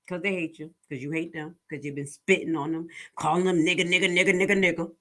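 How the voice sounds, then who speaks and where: A woman's voice: on the low side, a little fast, a bit bright. A woman giving casual commentary, telling stories in a blunt, profane, preachy way. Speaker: commentary vlogger.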